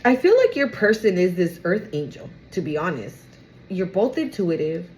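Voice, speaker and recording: A woman's voice: on the low side, sing-song, normal speed, darkish tone. A young woman giving a casual tarot reading to her viewers, slangy and exclamatory, often close to tears. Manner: emotional, exclamatory, slangy, swings to near tears. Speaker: tarot reader.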